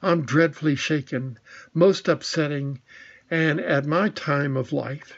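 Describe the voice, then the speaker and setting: A man's voice: a little high, slow, creaky, muffled recording, heavily acted. A man reading the part of a fretful, cowardly old man muttering to himself. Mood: shaken.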